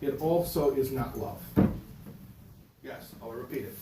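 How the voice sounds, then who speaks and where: A man teaching a class and telling a story in a lively way, stumbling over and repeating words as he goes. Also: mid-range voice, a little slow, pauses often. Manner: animated storyteller, repeats words, voices characters. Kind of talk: lecture with a told story. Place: synagogue class room. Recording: echoey room from far off, noisy.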